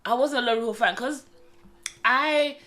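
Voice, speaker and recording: A woman, a guest telling lively personal stories and laughing often in a relaxed chat. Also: fairly high pitch, moderate pace. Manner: animated storyteller, swears a lot, laughs often. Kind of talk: casual conversation.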